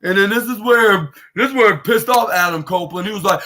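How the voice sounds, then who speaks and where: A young man hosting a podcast, recapping wrestling in a casual, halting way with many fillers and restarts. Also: sits high, pushed and bright. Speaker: podcast host.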